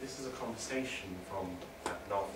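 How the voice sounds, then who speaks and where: A man's voice: on the low side, fairly quick, noisy background. A man teaching a literature lesson to a class, chatty with wry asides. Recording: echoey classroom from far off.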